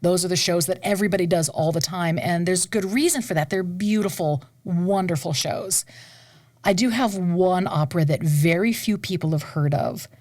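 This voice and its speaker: A woman who is an opera singer, talking in a casual interview, animated and laughing often, sometimes dropping to a whisper for emphasis. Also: fairly low pitch, moderate pace, no room sound. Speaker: guest, opera singer and conservatory staff.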